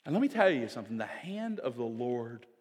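In a large hall, a middle-aged pastor delivers a brisk, sing-song sermon in a mid-range male voice. He moves between booming emphasis and quiet, almost whispered storytelling.

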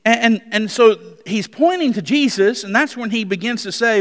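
A male preacher with a high voice works through scripture, swinging from quiet, hushed readings to emphatic, ringing declarations. His voice carries a long reverb, as if filling a church sanctuary. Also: expressive, normal speed, few pauses. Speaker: pastor. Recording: hall reverb.

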